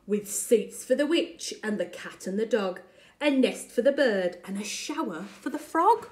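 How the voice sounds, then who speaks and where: Slow, animated teacher reading a story. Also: female voice, on the high side, a little hiss or hum. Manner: expressive, slow and deliberate storytelling. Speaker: primary school teacher. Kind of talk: reading a picture book aloud to children.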